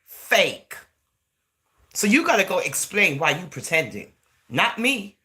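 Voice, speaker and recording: Bright and forceful, this English woman's fairly low voice swings widely in pitch at a moderate pace. Her casual vlog monologue rambles along, filled with "you know" and "right?", and she slips into Jamaican-style phrasing.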